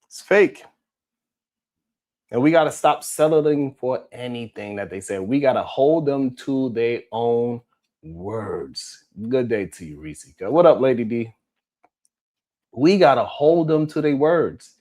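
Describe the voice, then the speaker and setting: A man's voice: mid-range voice, lively intonation, slow pace, warm tone. A man hosting a live stream, reading the chat and talking in a blunt, heated, profane way.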